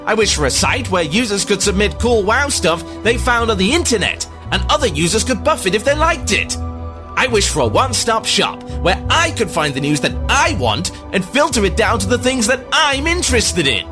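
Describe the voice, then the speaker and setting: A man's voice: high-pitched, very animated, moderate pace, over music. A man playing a gee-whiz eager young gamer. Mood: gushing. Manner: gee-whiz wholesome enthusiasm. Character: eager naive young male WoW fan. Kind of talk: comedy radio ad skit.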